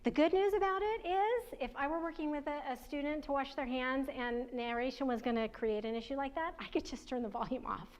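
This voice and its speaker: A woman's voice: high-pitched, fairly quick, hardly any pauses. A woman leading a training workshop, talking in a conversational way with light laughs and questions to the audience. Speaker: workshop presenter. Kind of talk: training presentation to parents and educators.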